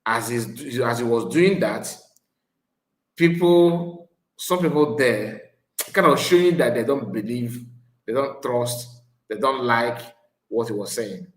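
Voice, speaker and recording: A man giving casual, drawn-out commentary, pausing often between remarks. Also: medium pitch, roomy sound. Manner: slow, drawn-out remarks with frequent pauses. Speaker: channel host reacting to a clip.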